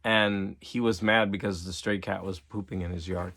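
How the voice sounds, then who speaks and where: A man's voice: on the low side, moderate pace, gravelly, fairly bright tone. A middle-aged man, a teacher and collector, talking to camera in a loose, rambling monologue full of "like" and restarts. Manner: rambling, repeats himself, filler-heavy with "like".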